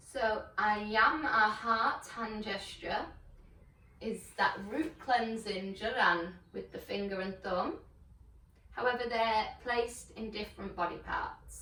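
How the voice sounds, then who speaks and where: A woman teaching yoga, guiding breath and chanting in a slow, soothing, gentle way. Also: mid-range voice, roomy sound, recorded from a distance. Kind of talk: guided yoga and meditation instruction. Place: home room on a video call.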